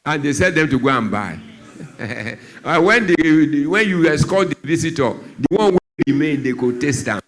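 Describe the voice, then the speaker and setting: A Nigerian man, a doctor who speaks on drug abuse, gives a church talk. He tells stories and acts out the voices of the people in them. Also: a bit bright. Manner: storytelling, acts out dialogue, shifts pitch a lot.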